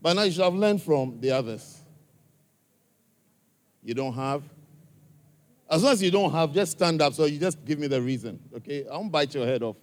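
A man's voice: fairly high pitch, animated, normal speed, pauses often. A man with an African accent addressing a church gathering, questioning listeners directly in a coaxing way. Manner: coaxing, direct, asks the audience many questions.

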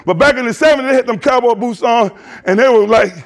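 A pastor in his sixties with a Southern US accent, preaching an animated, joking sermon straight to the congregation. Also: very high voice, fast. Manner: animated, jokey, talks to congregation.

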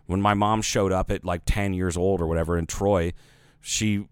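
A man's voice: low-pitched, steady tone, normal speed, clear, resonant tone, no echo, studio quality. A man co-hosting a podcast in casual chat, rambling with lots of fillers and swearing. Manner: rambling, profane, heavy filler words. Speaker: podcast co-host.

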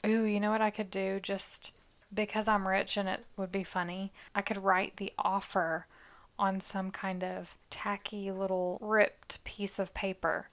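A woman's voice: medium pitch, flat delivery, a little slow, a bit bright. A woman co-hosting a podcast, chatting casually and playfully telling made-up scenarios. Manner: playful storytelling, acting out scenes. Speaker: podcast co-host. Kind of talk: casual chat.

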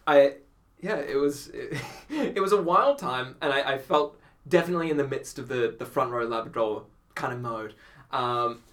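A man, a podcast guest, telling animated stories in casual chat, acting out quotes and laughing often. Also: mid-range voice, moderate pace.

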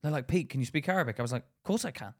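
A man's voice: mid-range voice, racing. A man co-hosting a casual podcast, telling stories with lots of laughter and acted-out quotes. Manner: animated, acts out quotes, laughs a lot. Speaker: podcast co-host. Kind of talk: casual chat, storytelling.

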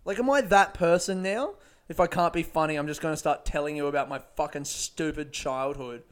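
A young man tells a rambling story about his childhood, swearing freely and breaking into laughter. His voice sits a little high for a man. The delivery is casual and loose, with plenty of restarts. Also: a little fast. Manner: rambling, profane, often laughing.

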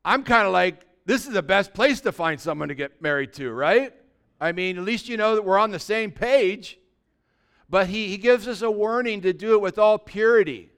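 A man preaching a conversational sermon as pastor, dropping to a soft, quiet voice when acting out gentle words. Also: high voice, normal speed, clear, resonant tone. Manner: conversational preaching, drops to a soft voice for imagined dialogue.

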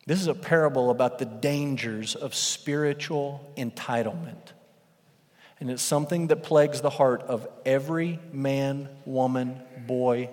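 A male pastor preaching a sermon, telling a parable as a lively storyteller who acts out the characters' voices. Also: mid-range voice. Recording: long reverb of a large hall.

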